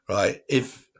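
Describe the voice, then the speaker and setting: A tarot reader hosts a livestream, chatting casually with his viewers. He's a chatty man who rambles and laughs often.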